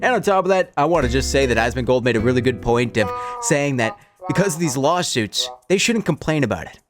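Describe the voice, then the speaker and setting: A man's voice: mid-range voice, lively intonation, brisk, music in the background. A man ranting sarcastically with lots of swearing while doing commentary for his YouTube video.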